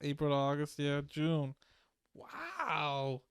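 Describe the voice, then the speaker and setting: A man's voice: fairly high pitch, moderate pace, darkish tone, clean tone, dry recording, studio quality. A man co-hosting a casual podcast chat about web novels, easygoing and laughing along. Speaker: podcast co-host.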